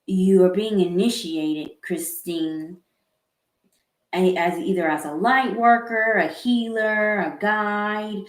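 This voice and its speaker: A woman giving a live tarot reading in a slow, earnest, halting way, with sighs and repeated words. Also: mid-range voice. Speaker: tarot reader. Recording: echoey room.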